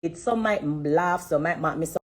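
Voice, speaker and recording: A woman giving an emotional personal testimony on a live stream, earnest and repetitive, pausing to steady herself and close to tears. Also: low voice.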